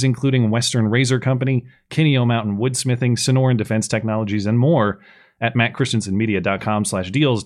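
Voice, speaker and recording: A man's voice: mid-range voice, darkish tone. A man hosting a podcast, reading a sponsor spot in a chatty, self-deprecating way. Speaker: podcast host. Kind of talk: casual podcast talk with ad read.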